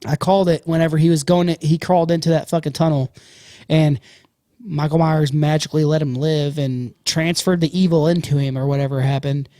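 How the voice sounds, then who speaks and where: A man's voice: fairly high pitch, fairly quick, no echo, studio quality. A man co-hosting a casual podcast, talking bluntly and in long rambles, swearing constantly. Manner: animated, profane, blunt, rambling. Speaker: podcast co-host.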